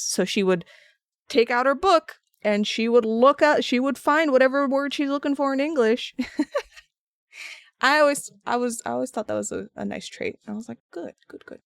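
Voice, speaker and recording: A woman chats through a craft stream, rambling and restarting her sentences as she replies to her viewers. Her voice sits a little high, and the sound is dry, with no room echo. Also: normal speed, smooth. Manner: chatty and rambling, answering chat with frequent restarts. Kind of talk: casual chat while sculpting and painting.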